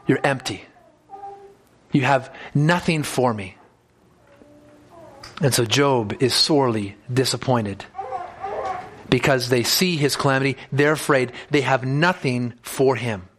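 A man's voice: medium pitch, takes it slowly, pauses often, fairly bright tone, a little hiss or hum. A man preaching an expository sermon, reading scripture aloud and explaining it, speaking the text's lines in first person with rising emphasis. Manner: reads scripture aloud, then explains it in plain words.

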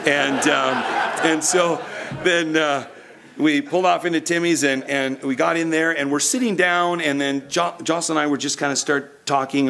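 A man's voice: mid-range voice, creaky, a bit bright. A young man preaching a sermon, telling a personal story earnestly with frequent restarts.

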